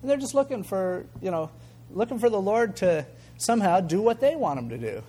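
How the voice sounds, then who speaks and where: Older male pastor, lively storytelling sermon. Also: sits high, a little fast, breathy edge. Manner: conversational, animated, acts out quoted voices, chuckles.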